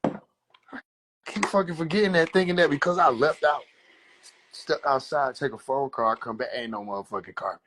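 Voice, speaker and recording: A young man talks straight into his phone during a live stream, his voice sitting a little high. He rambles in a loose, animated, profane way. He keeps breaking into quick quoted voices of other people. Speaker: livestreamer. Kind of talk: rambling casual livestream monologue.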